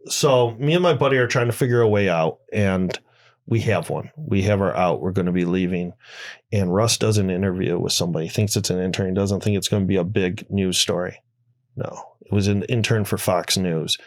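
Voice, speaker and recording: A man with a lowish voice speaks as a podcast guest, recounting a hard experience. He stops and restarts often, picking his words as he goes. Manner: halting, many restarts, recounting a harrowing experience. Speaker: interview guest. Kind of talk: podcast interview storytelling.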